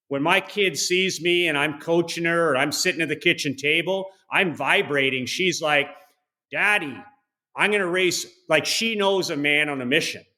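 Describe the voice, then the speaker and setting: A man's voice: fairly high pitch, pushed and bright. A man in his forties, a podcast guest telling motivational stories in a blunt, emphatic way, swearing freely. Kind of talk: motivational storytelling.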